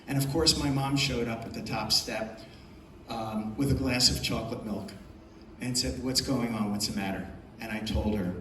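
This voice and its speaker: A man's voice: mid-range voice, a bit bright, a little hiss or hum. An older man giving an emphatic, storytelling speech to an audience as a film producer at a festival. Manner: storytelling, emphatic, repeats phrases for effect. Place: large hall at a festival. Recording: echoey hall, voice from far off.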